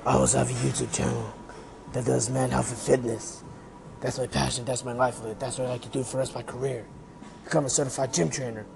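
A man's voice: medium pitch, fairly even intonation, fast talker, vocal fry. A man sending a casual video message, rambling and earnest. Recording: crowd noise behind.

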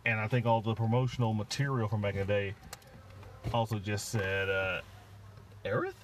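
A man's voice: lowish voice, level tone, fairly quick. Man, casual podcast chat, rambling, hesitant fillers, faint background noise. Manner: rambling, full of fillers and restarts. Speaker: podcast co-host.

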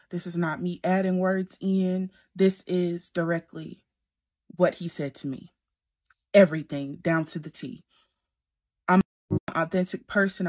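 A woman gives a personal religious testimony in an earnest, emphatic way. She often speaks softly and in a subdued tone. She repeats key phrases to stress them. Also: fairly low pitch, slightly rough. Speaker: believer sharing a prophetic message.

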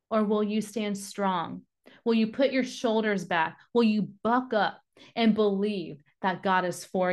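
A woman giving a devotional Bible teaching, reading scripture aloud and then urging listeners on with rising passion. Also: medium pitch. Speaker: devotional podcast speaker.

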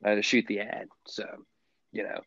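A man co-hosting a sports podcast in casual chat, rambling with lots of halting restarts. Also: lowish voice, monotone, vocal fry, a bit bright, breathy edge, dry recording. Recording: dull, muffled lo-fi sound.

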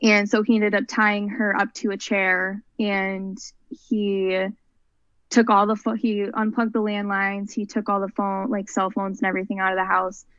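Brief: young woman guest, earnest rambling storyteller, mid pitch, dull dry recording. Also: level tone, moderate pace, a bit bright, dry recording. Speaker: guest, mental health advocate. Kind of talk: personal story in a podcast interview.

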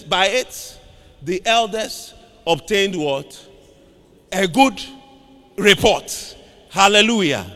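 High-voiced preacher man in echoing hall. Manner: preaching with call-and-response to the congregation; shouting emphatic lines. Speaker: pastor. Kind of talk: sermon. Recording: long hall reverb.

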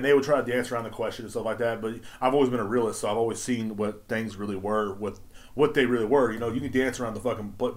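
A man hosting his own podcast, ranting casually with heavy swearing and emphatic outbursts. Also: mid-range voice. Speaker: podcast host. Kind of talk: casual profane rant.

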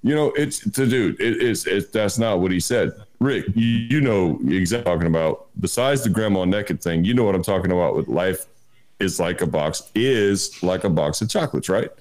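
A man co-hosting a casual chat, loud, incredulous and profane, his voice jumping up when he is outraged. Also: sits low, normal speed.

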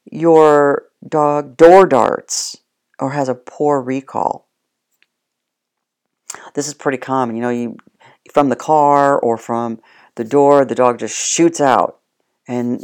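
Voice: medium pitch, a little mellow. A dog trainer giving casual spoken instruction, plain-spoken and addressing the listener directly.

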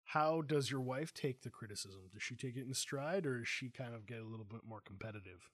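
Man, middle-aged, host, mid-pitched voice, dry close sound, animated storyteller. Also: brisk, no room sound. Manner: animated storyteller, acts out quotes. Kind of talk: casual interview chat.

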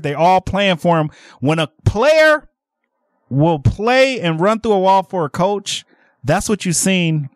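A man hosting a radio shopping call-in show, energetic and laughing often as he pushes deals to callers. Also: a little high, no room sound, studio quality. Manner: energetic, laughs often, animated sales patter. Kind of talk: lively radio call-in selling. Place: radio studio.

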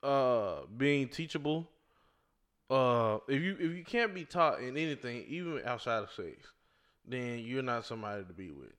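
Blunt, animated man in casual chat. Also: mid-range voice, moderate pace. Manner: blunt, animated, repeats "listen" to take the floor.

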